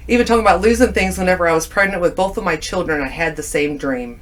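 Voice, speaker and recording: A woman's voice: lowish voice, fast, few pauses. Chatty woman telling dream stories. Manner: animated storyteller, acting out quoted lines. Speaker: guest. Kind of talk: casual chat.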